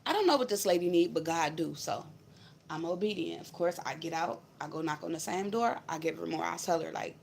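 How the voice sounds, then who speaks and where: A woman's voice: lowish voice, a little fast, vocal fry, slight background noise. A woman vlogger telling a personal spiritual story in a blunt, emphatic, profane way. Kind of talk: casual storytelling to camera.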